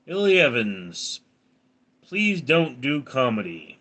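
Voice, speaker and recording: A man's voice: mid-range voice, sing-song, slow, fairly bright tone. A man with a round, resonant voice, chatting casually on a live stream as he reads viewer comments aloud and answers them.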